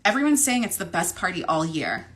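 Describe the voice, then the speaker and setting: A woman's voice: lowish voice, sing-song, fairly quick, fairly bright tone. A woman reading as an eager freshman girl. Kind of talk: romance novel read-aloud.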